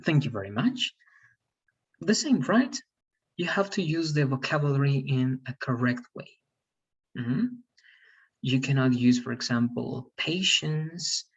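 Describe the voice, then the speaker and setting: A man's voice: mid-range voice, husky, dull audio. A man teaching an English class online, explaining rules and often checking with "all right?".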